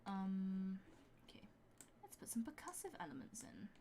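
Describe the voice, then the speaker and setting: Her mid-range voice swings widely in pitch with a warm tone at a moderate pace, over slight background noise and music behind her. The woman is chatting casually while making music on a live stream, rambling with lots of fillers and reading the chat aloud.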